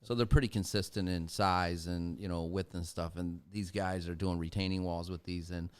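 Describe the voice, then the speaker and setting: A man hosting a casual podcast, his voice low and smooth. He jokes easily with his guests and keeps the talk moving. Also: steady tone, normal speed. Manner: joking, easygoing. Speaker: podcast host.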